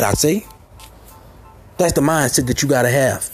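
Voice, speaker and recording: A man giving a motivational sermon, repeating short phrases and rising to near shouts, with faint music underneath. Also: mid-range voice, expressive, normal speed, long pauses, husky. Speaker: motivational speaker.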